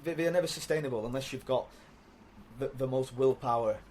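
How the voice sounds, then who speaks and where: British male guest, mid pitch, halting and chatty, light background hiss. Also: a little mellow. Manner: hesitant, repeats words, laughs often. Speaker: podcast guest. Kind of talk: casual conversation.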